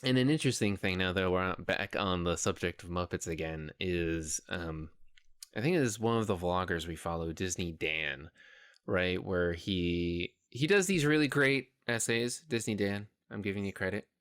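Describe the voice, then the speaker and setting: A man co-hosts a podcast in casual chat, rambling with fillers and laughing easily. His low-sitting voice is clear and resonant, a bit bright, at a moderate pace, captured in a dry, studio-quality recording.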